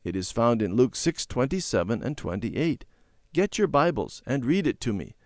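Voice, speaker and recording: A man voicing a patient mother calmly explaining things in a children's storybook reading. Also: medium pitch, normal speed, no echo, studio quality. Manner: calm, explaining. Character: patient mother, gentle teaching voice.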